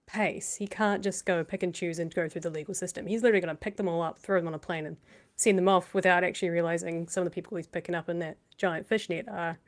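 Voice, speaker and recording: A woman co-hosting a casual political chat, earnest and thoughtful, pausing to search for words. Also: lowish voice, steady tone. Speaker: co-host.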